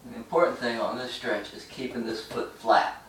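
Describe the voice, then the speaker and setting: A man's voice: mid-range voice, steady tone, brisk, fairly bright tone, reverberant, recorded from a distance, slight background noise, rough recording. A man explaining a stretching routine while doing it, talking in short bursts between holds and breathing hard from the effort. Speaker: stretching instructor. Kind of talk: instructional demonstration.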